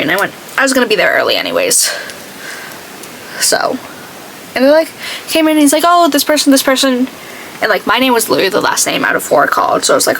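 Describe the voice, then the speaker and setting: List: woman, beauty vlogger, casual makeup chat, swoops up and down a lot, gravelly. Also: on the high side, sing-song, fairly quick, long pauses, fairly bright tone, slight background noise, low-quality recording. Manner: chatty storytelling, acts out quoted people.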